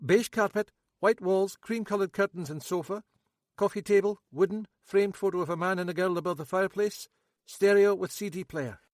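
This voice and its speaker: A man voicing an odd, blunt Scottish man with a sharp memory, talking raised and insistent as he rattles off details. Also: high-pitched, normal speed, no echo, clean studio sound, voice pushed up, natural voice.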